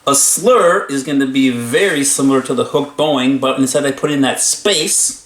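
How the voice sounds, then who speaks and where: A man's voice: mid-range voice, moderate pace. A man teaching string bowing exercises, talking between demonstrations and counting aloud as he plays. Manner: upbeat, talks between playing, counts aloud. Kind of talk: instrument lesson demonstration. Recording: echoey room with violin playing. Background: violin playing.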